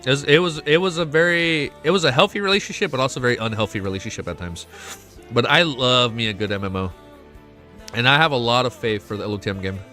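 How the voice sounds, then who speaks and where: A young man hosting a casual livestream, excitable and swearing often, reading chat aloud. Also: medium pitch, fast talker. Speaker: livestream host. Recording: faint music behind.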